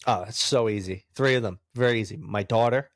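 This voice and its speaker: Laughing storyteller man, low dry voice. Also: fairly quick, no room sound. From New York. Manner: animated storyteller, laughs often, acts out other voices. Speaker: podcast guest. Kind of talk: casual storytelling interview.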